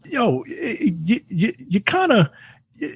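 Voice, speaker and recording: A man co-hosting a film podcast in casual chat, talking in halting, stammered restarts. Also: very high voice, big pitch swings, breathy edge, no echo. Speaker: podcast co-host.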